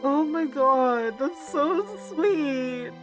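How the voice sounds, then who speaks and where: A young woman with a high voice gives casual, excitable game commentary, swearing and laughing freely. She talks in an unhurried way, with faint music playing behind her. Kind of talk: casual let's-play commentary.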